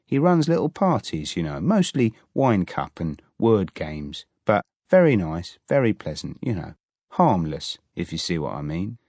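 A man reading a polite young husband for an audiobook, mild and measured, low-voiced, unhurried, with a lively lilt to the lines. The sound is close and dry. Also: no room sound, full character voice. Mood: chatty. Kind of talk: audiobook character voice.

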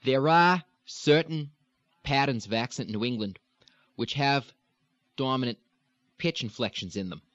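A man teaching a recorded accent lesson as a dialect coach, explaining in a measured way and demonstrating sounds. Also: medium pitch, fairly bright tone, dry recording. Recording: dull, dry, lo-fi recording.

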